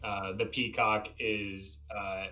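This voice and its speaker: A man narrating a tabletop game as game master, halting and full of fillers. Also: on the low side, level tone, sharp tone, faint music behind.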